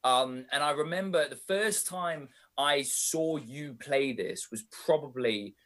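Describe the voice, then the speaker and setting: A young man, co-hosting a casual podcast chat with a friend in an animated, chatty way. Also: on the high side, slow pace. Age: young adult. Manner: animated, chatty British slang. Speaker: podcast co-host.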